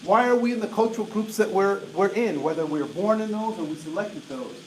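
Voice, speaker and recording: A man in his late forties giving an energetic diversity talk to an audience, often asking "right?" to check in with them. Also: high-pitched, brisk. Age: 40s. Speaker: diversity trainer. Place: large room with an audience. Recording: roomy echo, voice from a distance, faint noise.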